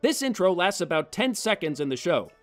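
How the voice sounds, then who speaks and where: A man's voice: high-pitched, very animated, brisk, faint music behind. A man reading a scripted film review in a sarcastic, exasperated way.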